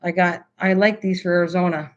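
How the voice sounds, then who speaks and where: A woman hosting a casual craft livestream, chatting excitedly and answering her chat as she goes. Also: on the low side, brisk. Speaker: livestream host. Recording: slightly dull lo-fi stream audio.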